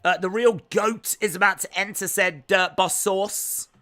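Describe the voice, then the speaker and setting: Man, Midlands accent, live-stream host, joking banter, crisp bright voice. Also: high-pitched, steady tone, measured pace. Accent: English Midlands. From England. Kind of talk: live watch-along commentary, reading chat.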